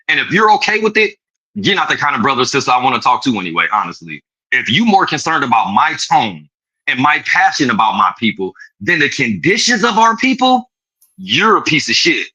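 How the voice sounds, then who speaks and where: A man delivering an impassioned, profane rant in an animated, preachy way. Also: fairly high pitch, moderate pace, husky, low-quality recording.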